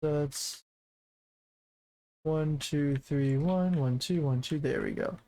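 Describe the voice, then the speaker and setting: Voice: medium pitch, takes it slowly, mellow, rough recording. A streamer casually chatting and rambling while building in a game, often counting blocks aloud.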